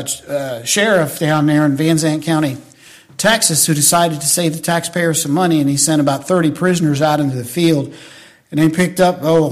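A pastor delivers a sermon in a fairly high-pitched male voice. He shares folksy stories, invites the congregation to agree with him, and works up to emphatic preaching.

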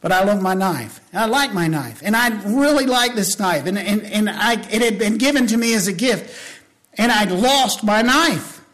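Male preacher, high voice, impassioned sermon, loud appeals then hushed storytelling, folksy asides. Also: expressive, moderate pace. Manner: impassioned, swings from rising shouts to hushed storytelling.

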